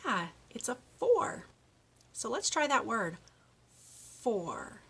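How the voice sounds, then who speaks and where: A middle-aged woman leads a children's speech lesson. She talks at a slow, deliberate pace and draws out each word ending. Her tone is bright and encouraging. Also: on the high side, sing-song, vocal fry, breathy edge. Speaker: speech therapist.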